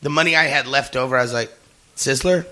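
A man's voice: medium pitch, very fast, pushed and bright. A man telling a funny story in casual podcast chat, acting out the people he quotes and laughing often.

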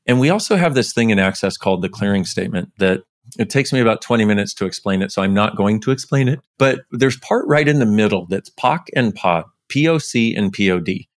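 Animated man talking in a dry, close recording. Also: a little fast, no room sound. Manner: animated, swings his pitch up for emphasis. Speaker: podcast guest. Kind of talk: casual interview talk.

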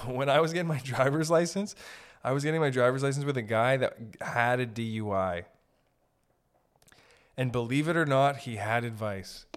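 A young man hosting a podcast, rambling through a profane, animated comedic monologue. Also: medium pitch, moderate pace, clear, resonant tone. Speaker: podcast host.

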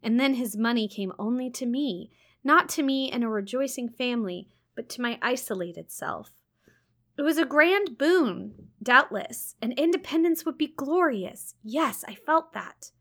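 A woman reads a classic first-person novel aloud, expressive and engaged. Her voice is fairly high and bright, with a sharp, clear edge. Now and then she breaks off into casual, amused asides. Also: measured pace. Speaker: reader.

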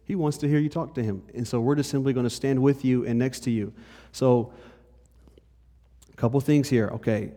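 A male pastor giving a conversational sermon. He moves between lively and hushed delivery and speaks straight to the congregation. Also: medium pitch, normal speed. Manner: conversational preaching, shifts between animated and hushed. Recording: long hall reverb.

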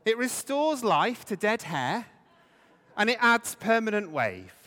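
A man's voice: high-pitched, big pitch swings, slow pace, sharp tone, pitched above the performer's own voice, heavily acted. A vicar voicing a matter-of-fact lady in a joke he tells during a sermon. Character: calm, practical lady driver. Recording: long church reverb.

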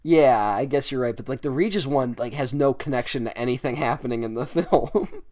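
A man's voice: medium pitch, brisk, darkish tone. A man co-hosting a movie review podcast, chatting casually and making dry, wry remarks. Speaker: podcast co-host.

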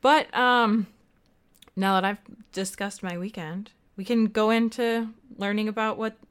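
A young woman co-hosts a podcast in relaxed, chatty conversation. Her voice is smooth and clear, and she tells stories in an animated, self-deprecating way. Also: mid-range voice, unhurried. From United States. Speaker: podcast co-host. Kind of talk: casual chat.

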